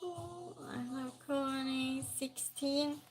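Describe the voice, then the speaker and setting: Woman running a trivia stream, high voice, takes her time, chatting with viewers as she goes. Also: steady tone, takes it slowly. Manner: reads questions aloud and chats with viewers. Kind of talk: live-stream trivia chat.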